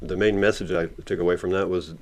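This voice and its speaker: A man's voice: low-pitched, fairly even intonation, fast, a little mellow. A man telling a story as an interview guest, rambling and laughing often. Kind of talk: casual storytelling.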